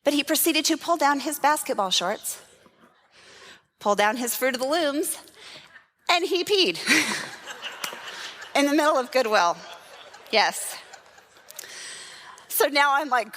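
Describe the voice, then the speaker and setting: A woman children's pastor preaching at a church service, telling a personal story in a lively way, laughing and acting out what people said. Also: high-pitched, normal speed.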